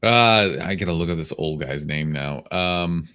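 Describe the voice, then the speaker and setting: A man's voice: low voice, unhurried, pushed and bright, clear, resonant tone. A man co-hosting a podcast, sarcastic and argumentative, bluntly needling his co-host in casual chat. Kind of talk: casual chat, movie review.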